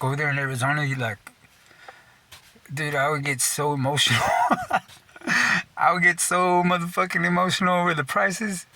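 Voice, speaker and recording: A man's voice: mid-range voice, creaky, pushed and bright. A young man from Texas telling a casual, profane rant, swearing constantly, saying "dude" a lot and laughing at himself mid-sentence. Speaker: storyteller.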